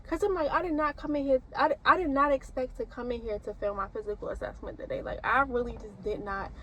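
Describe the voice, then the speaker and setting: A woman's voice: high voice, fairly even intonation, quick pace, a bit bright, rough recording. A young woman nursing student, rambling casually to camera with lots of fillers and restarts. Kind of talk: casual vlog talk.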